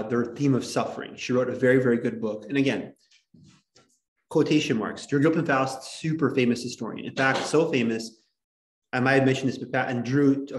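A man's voice: medium pitch, reverberant. A man lecturing as a history teacher, rambling and digressive with lots of filler words. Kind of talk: classroom lecture. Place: classroom.

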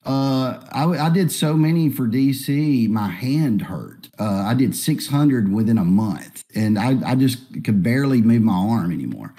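Guy, mellow voice, middle pitch, chatty, lots of ums, just taking questions. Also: normal speed, few pauses, breathy edge. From Alabama. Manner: relaxed, rambling, many fillers. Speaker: guest artist. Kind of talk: casual live Q&A.

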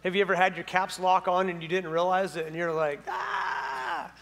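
A male pastor with a high voice delivers a fast sermon in a church sanctuary, each phrase trailed by a long echo. He keeps it relaxed and conversational, firing question after question at his listeners and slipping in humor.

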